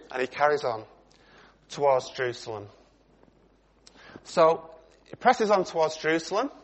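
Guy preaching, middle-aged, slightly high voice, talks like a chat, asks the church questions. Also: a bit bright. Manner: conversational, asks the congregation questions. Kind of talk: sermon.

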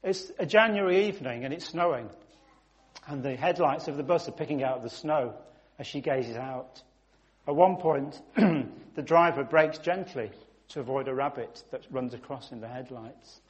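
A man's voice: mid-range voice, moderate pace, highs cut off. A man, preaching a sermon through vivid, emphatic storytelling that rises suddenly in volume.

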